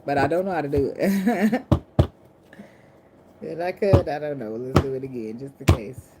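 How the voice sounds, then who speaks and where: A woman's voice: sits low, normal speed. A woman giving a casual tarot reading to camera, blunt, profane and joking, indoors at night under a ring light. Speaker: tarot reader. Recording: clear background noise of clicks and shuffling cards.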